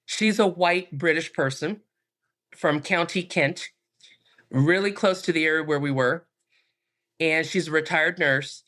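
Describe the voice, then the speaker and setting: A woman, a minister and podcast guest, calmly telling a personal story with frequent fillers. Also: deep voice, a little slow, long pauses. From United States.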